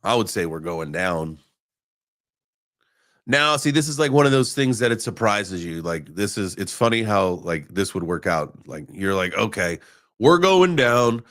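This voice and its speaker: A man's voice: low-pitched, lively intonation, moderate pace, a bit bright. A man hosting a live crypto trading show, chatting casually and joking sarcastically with viewers as he rambles through charts. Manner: joking, sarcastic, addresses chat viewers by name; rambling with many fillers while reading charts. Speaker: crypto livestream host. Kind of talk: casual live market chat.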